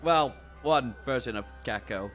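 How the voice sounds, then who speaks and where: A man streaming a visual novel, reading the protagonist's lines and narration aloud in an animated way. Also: mid-range voice, measured pace, soft background music. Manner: animated, self-mocking, swears freely.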